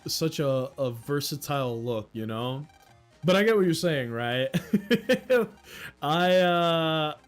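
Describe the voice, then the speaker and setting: A man in his thirties chats on a livestream, rambling along and poking fun at himself. His voice sits a little high for a man, and he laughs often. Faint music plays quietly underneath. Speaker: livestream host. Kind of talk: casual livestream chat.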